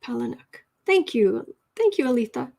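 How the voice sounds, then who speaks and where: A woman with a slightly high voice hosts a casual writing livestream. She chats with viewers, reads their comments aloud and corrects herself as she goes. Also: a little slow. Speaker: livestream host and writing coach.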